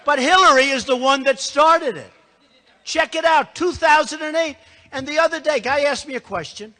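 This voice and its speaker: A man's voice: extremely high pitch, normal speed, bright, forceful tone. An older man giving a boastful, rambling campaign speech to a live audience, repeating himself and tossing asides to the crowd. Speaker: political candidate. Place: large hall before a live audience. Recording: long hall reverb.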